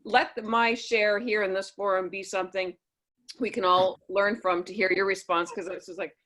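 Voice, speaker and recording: A woman trainee on a group coaching call, talking in an animated way and retelling conversations with quoted voices. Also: mid-range voice, normal speed. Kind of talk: group call, asking a question.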